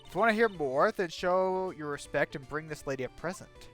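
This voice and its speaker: A man voicing a cranky, nosy old woman from a game who scolds and rambles in a shrill, bossy way. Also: fairly quick, fairly bright tone, soft background music, lightly acted. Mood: haughty.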